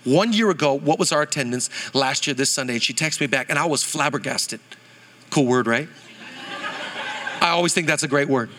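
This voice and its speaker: A pastor in his thirties preaching a sermon at a church service, animated and joking, calling on the congregation to answer back. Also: a little high, a little fast, background noise. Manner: animated and humorous, calls on the congregation for responses.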